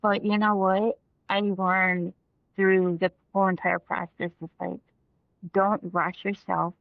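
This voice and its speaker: A woman's voice: mid-range voice, little pitch movement, slow pace, creaky, no room sound. A woman in her thirties, an interview guest, talking with emotion and many fillers and restarts. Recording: dull, lo-fi dry recording.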